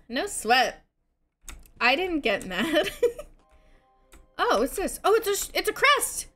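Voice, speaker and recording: A woman's voice: sits high, takes it slowly, faint music behind. A woman live-streaming a video game, chatting casually, giggling and thanking her viewers. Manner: giggly, animated, talks to herself and thanks chat.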